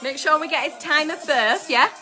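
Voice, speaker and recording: A woman's voice: high voice, normal speed, sharp tone. A woman hosting a casual live stream with viewers, exuberant and swearing freely as she chats. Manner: exuberant, swears freely, sings along to music. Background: music playing.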